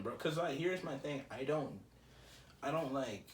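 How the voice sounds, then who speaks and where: An expressive young man, unhurried and mid-range in pitch, hosts a solo podcast where he wanders through casual reflections full of fillers. He's recorded on a slightly distant mic in a roomy space with faint ambient noise.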